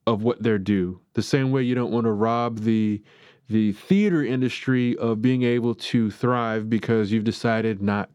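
A man's voice: on the low side, darkish tone, clear, resonant tone, dry recording. Male podcast host, chatty and opinionated, dry close-miked recording. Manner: chatty and rambling, self-described as opinionated. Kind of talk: casual film review monologue.

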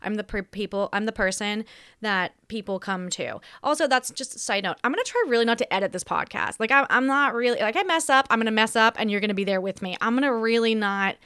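An Australian woman hosts a rambling, dramatic, self-mocking podcast monologue from home, her accent drifting between Australian and American. Her voice is slightly high, fast, pushed and bright yet smooth. The studio-microphone recording is clean, with no room sound.

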